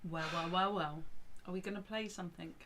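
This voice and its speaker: A woman's voice: lowish voice, steady tone, brisk, background noise. A woman co-hosting a casual chat show, teasing and playfully scolding her co-host. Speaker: podcast co-host.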